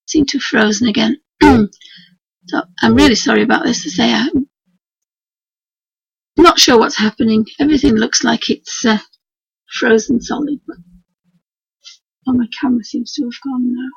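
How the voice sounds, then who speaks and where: A hoarse woman with a Yorkshire accent talks on a live stream, heavy on gravelly fry and very husky. Her voice sits a little high for a woman, and she rambles on in a homely way. The sound is dull and lo-fi, with a dry, close feel. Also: moderate pace, pauses often, no echo. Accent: Yorkshire English. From Yorkshire, England. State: hoarse, croaky voice. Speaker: craft tutor streaming live. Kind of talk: chatty live painting demonstration. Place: at home at her work desk. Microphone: computer mic for a live stream.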